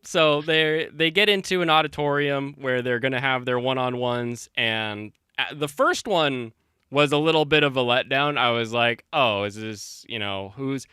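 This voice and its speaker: A man's voice: mid-range voice, moderate pace, bright, forceful tone, clear, resonant tone, no room sound, clean studio sound. A man hosting a casual stream, chatting and telling a rambling story with many fillers and restarts. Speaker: stream host. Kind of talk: casual chat.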